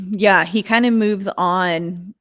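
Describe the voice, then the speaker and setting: A woman's voice: mid-range voice, steady tone, extremely slow, a bit bright. A woman co-hosting a podcast, chatting casually and acting out her reactions to scenes. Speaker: podcast co-host. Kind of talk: casual chat.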